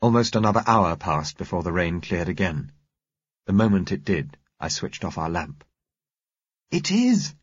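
A man reading a first-person story aloud in a measured, steady narration. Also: low-pitched, breathy edge, dry recording, muffled recording. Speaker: audiobook narrator.

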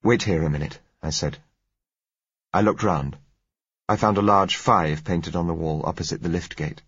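A man narrating a novel in the first person, measured and understated. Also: low-pitched, fairly bright tone, slightly rough, dry recording. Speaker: audiobook narrator. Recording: dull, dry lo-fi recording.

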